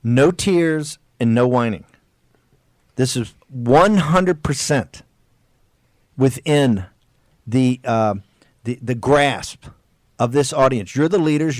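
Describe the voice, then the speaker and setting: A man of middle pitch hosting political talk radio in a hard-driving, exhorting manner. He leans on stressed words and stretches them out, and restarts phrases as he pushes on. The sound is dry and close to the mic. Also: darkish tone, dry recording.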